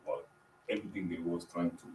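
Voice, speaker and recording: A man with a very low voice speaks English as a second language, sharing earnestly in halting phrases. He sits off-mic in a roomy space with faint noise behind him. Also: steady tone, a little mellow, recorded from a distance. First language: not English. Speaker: participant. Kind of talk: personal sharing in a group.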